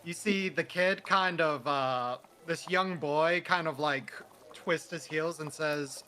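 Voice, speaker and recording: Male dungeon master, bright, slightly high voice, chatty and animated narration. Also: slow pace, slight background noise. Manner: chatty and animated, with many fillers. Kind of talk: narrating a tabletop game.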